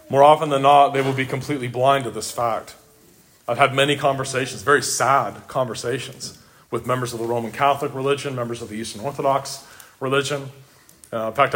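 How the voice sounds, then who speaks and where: A man's voice: mid-range voice, fairly bright tone. A man preaching a sermon, emphatic, repeating words for stress and addressing his listeners directly. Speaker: pastor.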